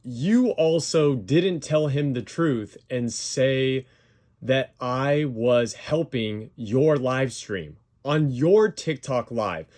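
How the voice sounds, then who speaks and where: A man's voice: medium pitch, lively intonation, very slow, darkish tone. A man giving commentary over clips, defensive and emphatic as he rebuts claims point by point. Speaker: YouTuber responding to a dispute.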